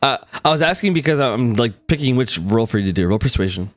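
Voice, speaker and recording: A man's voice: medium pitch, expressive, fast, dry recording, clean studio sound. A young man narrating a tabletop game as game master, loose and full of fillers.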